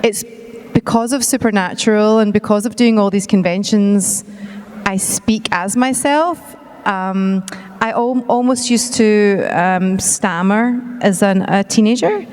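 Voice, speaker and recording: A woman's voice: mid-range voice, measured pace, a little mellow, clean tone, in a large hall. A middle-aged woman with a Scottish accent, chatting casually as a guest at a convention panel, self-deprecating and laughing often. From Scotland. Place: convention hall stage.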